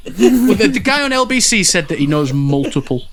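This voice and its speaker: Podcast co-host guy, kinda high voice, explaining stuff, checks in with the others. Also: sing-song, brisk, a crowd in the background. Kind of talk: casual political chat.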